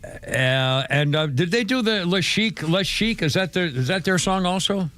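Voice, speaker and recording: A man's voice: high voice, expressive, moderate pace, fairly bright tone. An older man hosting a talk radio show, rambling loosely through a live-read ad and studio chat full of fillers and asides.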